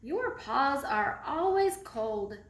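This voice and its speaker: A woman voicing a big, sleepy grown male mouse who answers calmly and turns down requests in a storybook reading. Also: high voice, takes it slowly, heavily acted. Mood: firm. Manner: calm, matter-of-fact refusals. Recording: echoey room, faint background noise.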